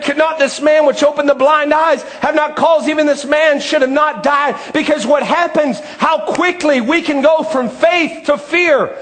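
A man preaching a sermon, impassioned and often shouting, drawing out words for emphasis. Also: very high-pitched.

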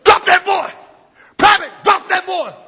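Man plays a frantic colonel, shrill and forceful shouted commands. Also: measured pace, a faint crowd, heavily acted. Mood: shouting orders. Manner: shouted orders. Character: barking army colonel, commanding, desperate. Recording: dull, echoey church recording.

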